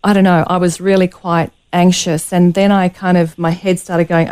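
A woman's voice: on the low side, level tone, moderate pace, few pauses, mellow, smooth. A woman telling a painful personal story as a radio interview guest, earnest and close to tears. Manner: earnest, emotional, near tears.

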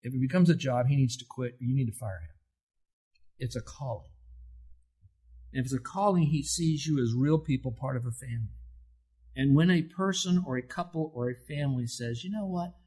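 Middle-aged male pastor, husky, earnest conversational sermon delivery. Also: mid-range voice, a little fast, dark tone. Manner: earnest, conversational preaching with rising emphasis.

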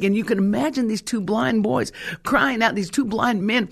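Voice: mid-range voice, moderate pace, vocal fry. A preacher delivering a sermon, reading scripture aloud and breaking off to explain it, asking the listeners many rhetorical questions. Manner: dramatic storytelling with rhetorical questions; swings between loud exclamation and hushed whisper.

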